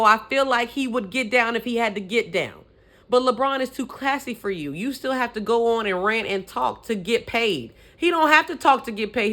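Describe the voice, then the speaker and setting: A woman's voice: a little high, sharp tone. A young adult woman vlogging, giving sassy, opinionated sports commentary with petty trash talk.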